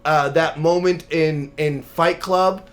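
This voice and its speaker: Brash, profane high-voiced man. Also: fairly even intonation, takes it slowly. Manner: brash, profane, laughing, hyped storytelling. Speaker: battle rapper guest. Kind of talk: casual interview talk.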